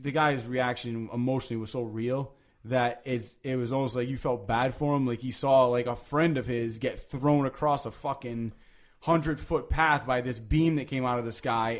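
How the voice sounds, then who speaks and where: A man hosting a podcast, talking casually and at length, with many restarts, lively emphasis and frequent swearing. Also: medium pitch. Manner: rambling, animated, swears freely, many restarts. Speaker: podcast host.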